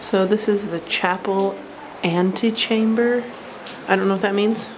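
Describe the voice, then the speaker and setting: A woman's voice: mid-range voice, steady tone, measured pace. A woman vlogging casually to her camera, chatty and giggly, talking to her dog. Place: indoors then outdoors in heavy rain. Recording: muffled with background noise.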